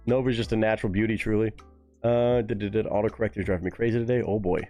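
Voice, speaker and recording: A man's voice: fairly low pitch, fast. A young man hosting a live reaction stream, chatting casually, swearing freely and reading chat messages aloud. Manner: animated, profane, reads chat aloud. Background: faint music playing.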